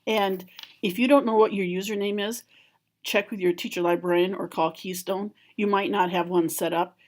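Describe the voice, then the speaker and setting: A woman calmly walking through a software tutorial step by step, as a school library trainer. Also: mid-range voice, moderate pace. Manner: calm, step-by-step explaining. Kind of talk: screen-recorded software tutorial.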